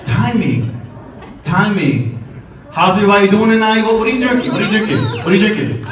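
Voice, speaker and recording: A man from Puerto Rico with a Puerto Rican accent, doing an energetic stand-up comedy set on a club stage and working the crowd. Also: high-pitched, fast talker. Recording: echoey room, distant, crowd noise. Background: laughing crowd.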